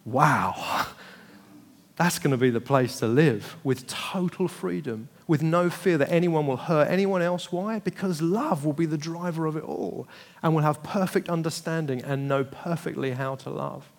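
A man preaching as a pastor, animated and acting out family dialogue with laughter. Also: on the high side, normal speed, creaky. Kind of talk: sermon. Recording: long hall reverb.

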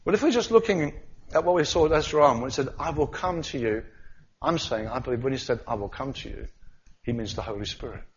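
A man preaching a sermon, swinging from loud cries to quiet asides. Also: medium pitch, brisk. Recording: slightly dull sound.

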